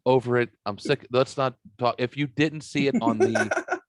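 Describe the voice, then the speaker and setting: A man hosts a podcast in a medium-pitched voice at a moderate pace, with no echo in the recording. His casual banter is profane, rambling, and self-mocking.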